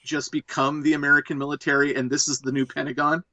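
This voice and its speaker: A man hosting a casual movie commentary podcast, riffing in an animated, profane way. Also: a little high, fast talker, dry recording, lo-fi sound. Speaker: podcast host.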